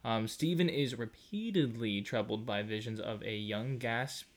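A man's voice: medium pitch, unhurried. A man co-hosting a podcast in casual, playful chat, laughing often and breaking into jokey bursts. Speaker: podcast co-host.

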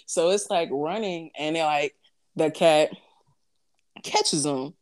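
A young woman hosting a casual chat, telling animated stories with many fillers. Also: deep voice, slow pace. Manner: animated storytelling, frequent fillers.

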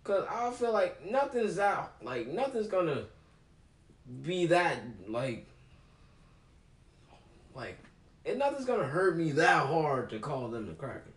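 Joking teenage boy with a lively voice. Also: fairly high pitch, takes it slowly, pauses often, reverberant. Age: teens. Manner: playful, joking, hesitant. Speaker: interviewee, son. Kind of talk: casual chat.

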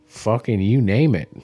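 A man's voice: on the low side, mellow, husky, no echo. A man from Kansas with a slight Kansas accent, a guest brewer chatting loosely on a podcast and swearing freely. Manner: loose, swears freely, jumps between thoughts. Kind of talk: casual podcast chat.

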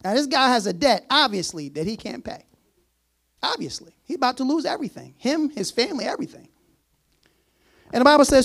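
Reading scripture aloud during a sermon, a man breaks off for laughing asides and voices the servant's words in a low, casual tone. He's expressive and fairly quick, with a gravelly voice.

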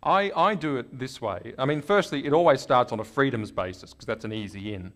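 An Australian man, a guest in an interview, telling stories in a lively conversational way and acting out the people he quotes. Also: mid-range voice, fairly quick. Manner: animated storyteller, acts out quoted voices.

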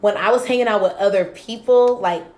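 A woman's voice: mid-range voice, brisk, darkish tone. A woman in her twenties hosting a podcast chat with friends, blunt and profane, who repeats herself to hold the floor. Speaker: podcast host. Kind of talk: casual chat among friends.

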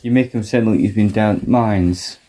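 Man, mellow low tone, quick crude jokes in casual chat. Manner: joking, crude interjections. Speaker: podcast co-host.

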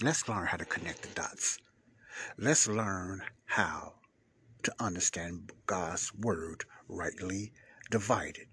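A man hosting a casual Bible-study podcast, chatty and informal, rambling with restarts and bursting into loud greetings. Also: deep voice, breathy edge. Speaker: podcast host, Bible teacher.

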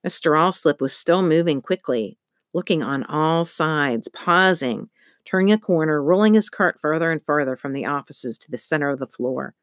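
Low-voiced woman narrating a storybook. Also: lively intonation, moderate pace, no room sound, studio quality. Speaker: audiobook narrator. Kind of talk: scripted narration.

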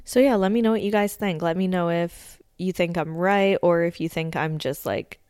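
A woman's voice: on the low side, normal speed, a little mellow, clear, resonant tone, dry recording, studio quality. A woman hosting a podcast, recapping a TV episode in a chatty, casual way, full of fillers and cursing. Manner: chatty, filler-heavy, swears freely. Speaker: podcast host.

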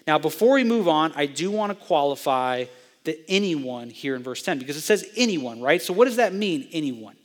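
A young male pastor preaches an expository sermon to students, his voice sitting a little high for a man. He teaches step by step and turns to ask the listeners questions. The sound rings out with long reverb, as in a church hall. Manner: teacherly, asks the audience questions.

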